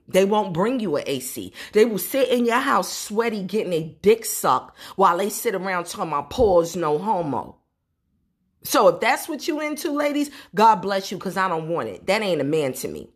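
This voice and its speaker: A woman's voice: medium pitch, husky. A woman in her forties hosting a solo podcast, talking bluntly and with plenty of profanity as she tells stories from her own life. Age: 40s. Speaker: podcast host. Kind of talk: solo casual podcast talk.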